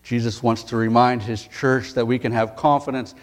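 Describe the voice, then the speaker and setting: A male pastor reading scripture and preaching a sermon, earnest and emphatic, rising in pitch and force at key points. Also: steady tone, moderate pace.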